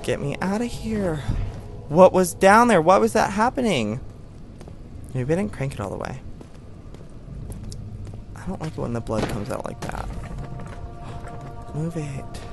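A young man narrates his horror game playthrough in a jittery, frightened voice, his pitch fairly high and swinging widely. He mutters to himself between panicked outbursts. Game music plays clearly behind him. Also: animated, measured pace, pauses often. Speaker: gaming channel host. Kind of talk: horror game let's play commentary.

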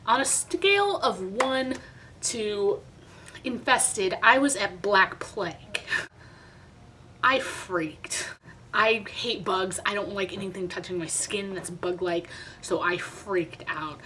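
A woman's voice: fairly low pitch, fairly bright tone, slight background noise, rough recording. A young woman vlogger telling a story in a chatty, dramatic, self-mocking way. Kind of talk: casual storytime vlog.

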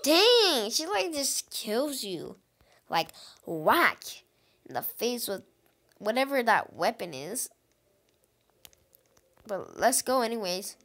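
An excitable woman with a fairly high voice gives running let's-play commentary. She talks directly to her viewers and keeps breaking into exclamations. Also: slow, long pauses. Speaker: gaming channel host.

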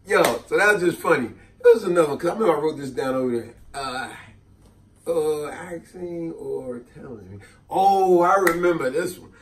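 A man telling funny childhood stories to his viewers in a casual, animated way, often laughing. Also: fairly high pitch, normal speed, far from the mic. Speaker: vlogger. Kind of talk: comedic storytelling. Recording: voice a bit off-mic.

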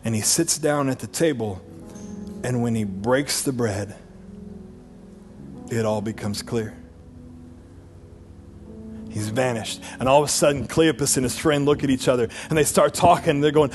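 A pastor with a high-pitched male voice preaching with animated energy. He moves from near-shouted bursts to quiet, close passages. Music plays clearly behind him. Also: moderate pace. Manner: animated preaching, swings from loud to low and intimate. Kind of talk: sermon.

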